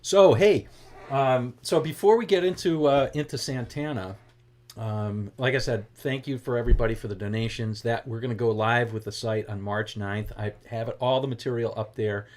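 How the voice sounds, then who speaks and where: A middle-aged man with a light Boston accent, talking at a medium pitch. He chats easily as he hosts a guitar livestream, with relaxed asides as he greets each viewer by name. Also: moderate pace. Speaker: guitar teacher hosting a livestream. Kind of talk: casual livestream chat.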